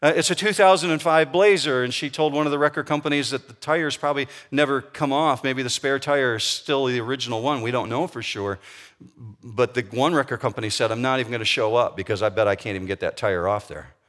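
A middle-aged pastor preaches a sermon, telling a personal story conversationally and putting questions to his listeners. He talks fast, in a medium-pitched, slightly bright voice.

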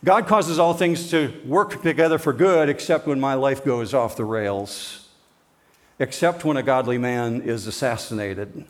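A pastor preaching a sermon, emphatic, swinging between forceful declarations and hushed, slowed lines. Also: male voice, medium pitch.

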